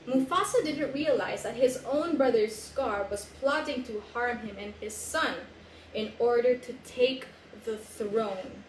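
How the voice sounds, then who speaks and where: A woman with a Filipino accent, storytelling for children in an animated, sing-song way and coaxing them to join in. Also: fairly high pitch, measured pace, roomy sound, a little hiss or hum, rough recording. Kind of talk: live storytelling for kids.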